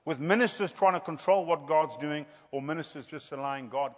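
A middle-aged man preaching a lively revival sermon, jumping between loud declarations and quiet joking asides. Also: fairly high pitch, fairly quick. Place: large church hall. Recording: church hall with long reverb.

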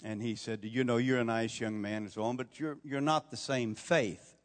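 A man's voice: mid-range voice, fairly even intonation, normal speed. An older man preaching a sermon as pastor, folksy storytelling that swells into emphatic preaching. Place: church sanctuary. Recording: long hall reverb.

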